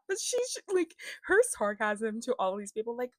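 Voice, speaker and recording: A woman's voice: a little high, sing-song, moderate pace, few pauses, no room sound, clean studio sound. A young woman giving a casual book review as a vlogger, chatty and filler-heavy, often breaking into laughs.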